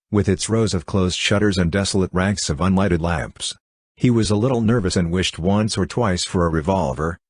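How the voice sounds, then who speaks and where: A man narrating an audiobook in a steady, even reading style. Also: low voice, husky, dry recording, studio quality. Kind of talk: scripted narration.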